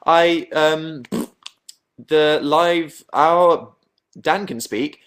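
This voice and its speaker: This young English livestream host's voice sits on the high side, very slow and fairly bright. Broadcasting casually from his bedroom late at night, he reads viewer comments with a dry, sarcastic, self-mocking edge.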